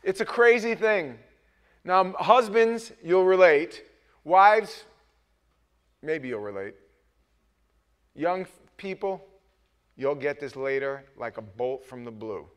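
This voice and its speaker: A middle-aged man preaching a sermon as pastor, talking with the congregation and swinging between hushed asides and loud, emphatic bursts. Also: on the high side, animated, takes it slowly, pauses often, smooth. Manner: conversational, asks the congregation questions.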